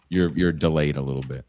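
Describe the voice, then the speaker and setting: A man's voice: a bass voice, darkish tone. A man hosting a podcast panel over a video call, joking and blunt, laughing often. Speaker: podcast host. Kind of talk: casual panel chat.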